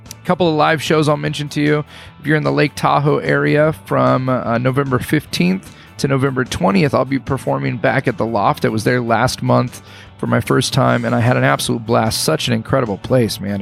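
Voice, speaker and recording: A man in his thirties hosting a podcast, talking to listeners in an earnest, encouraging monologue with halting restarts, a little choked up. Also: medium pitch, fairly even intonation, creaky, faint music behind. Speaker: podcast host. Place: hotel room.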